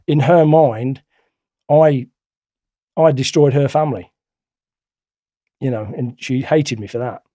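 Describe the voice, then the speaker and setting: A middle-aged man, a guest telling stories in a blunt, colloquial, animated way. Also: mid-range voice, dry recording, studio quality. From England. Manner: blunt, colloquial, animated retelling with acted-out quotes. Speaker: interview guest. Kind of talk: casual storytelling.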